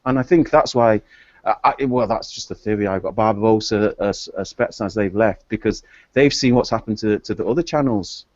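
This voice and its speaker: A man's voice: fairly low pitch, a little fast, darkish tone, no room sound. A man in a casual group chat, opinionated and hesitant, often repeating his words. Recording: dull lo-fi online call audio.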